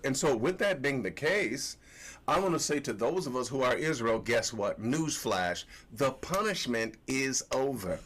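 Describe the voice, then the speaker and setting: A man's voice: mid-range voice, lively intonation, unhurried, a bit bright. A man hosting a livestream religious lesson, talking in a colloquial way, telling stories and repeating his phrases. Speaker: host and religious teacher. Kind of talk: livestream scripture teaching.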